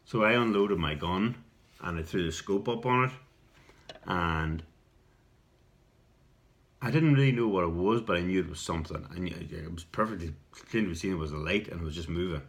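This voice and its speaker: Deep-voiced Irish man telling a story. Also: moderate pace, long pauses. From Ireland. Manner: rambling, repeats words, clears throat. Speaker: video response storyteller. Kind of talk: casual spoken storytelling.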